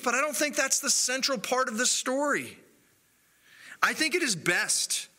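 A man delivers a sermon in an earnest, measured way, leaning on his pauses. His voice sits fairly high and moves around a great deal in pitch, with a very bright, forward tone, and he takes his time. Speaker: pastor.

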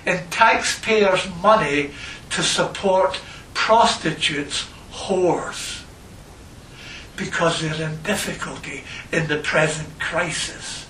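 A man preaching a sermon and reading scripture, slow and emphatic, repeating phrases for stress. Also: high voice, pushed and bright, slight background noise. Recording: echoey room, voice from a distance.

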